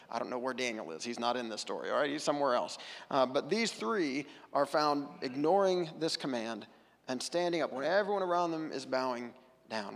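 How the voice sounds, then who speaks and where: A man's voice: on the high side, gravelly, fairly bright tone, big-room sound. A male pastor giving a conversational sermon, retelling a scripture story with casual asides. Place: church sanctuary.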